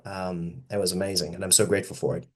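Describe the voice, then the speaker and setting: A man, a podcast guest and event host, telling stories in an animated way and acting out the people he quotes. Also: fast talker. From Ireland. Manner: animated storyteller, acts out quoted voices with big pitch jumps. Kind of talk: storytelling interview answers.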